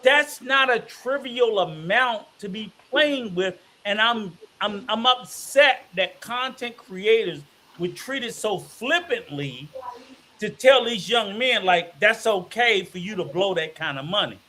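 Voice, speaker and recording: Male co-host, fiery profane ranter, bright tense tone. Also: high-pitched, animated, a little slow, slight background noise. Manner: emphatic, profane, ranting. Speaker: podcast co-host. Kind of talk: heated casual debate.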